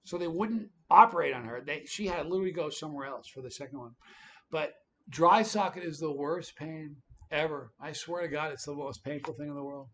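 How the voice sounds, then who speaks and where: A man hosting a livestream, telling a story in a lively, casual way. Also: fairly high pitch, brisk. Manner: animated, tells stories with quoted voices. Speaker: livestream host.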